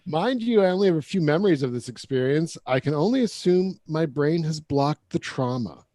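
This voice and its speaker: A man co-hosting a comedy podcast, reading a listener letter aloud in a joking, drawn-out way. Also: fairly high pitch, expressive, warm tone, dry recording. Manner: joking, drawn-out delivery with laughs.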